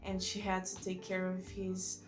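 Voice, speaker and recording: A woman's voice: lowish voice, completely flat delivery, moderate pace, music in the background. A woman who is not a native English speaker, reviewing books in a rambling, enthusiastic way and often correcting herself. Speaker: book vlogger. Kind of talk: casual book review chat.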